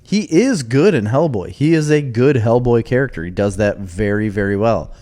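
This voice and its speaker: A man's voice: medium pitch, animated, moderate pace, warm tone. Opinionated man in casual podcast chat. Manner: opinionated, talks over his co-host. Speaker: podcast co-host.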